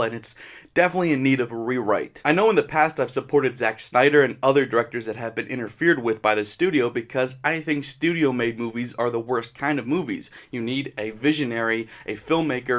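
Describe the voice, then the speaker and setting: A man giving a frank, opinionated film review in a casual, conversational way. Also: medium pitch. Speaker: movie reviewer.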